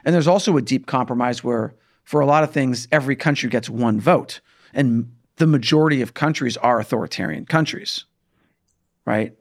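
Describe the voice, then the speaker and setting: Gravelly man, halting casual talk. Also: medium pitch. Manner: hesitant, restarts, many fillers like "like" and "right". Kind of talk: casual political chat.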